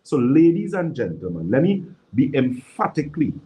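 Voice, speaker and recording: A man's voice: on the high side, very animated, moderate pace, dark tone, poor audio. A man giving natural health advice on a live stream and answering viewers' questions. He talks emphatically and repeats key words for stress. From Trinidad and Tobago.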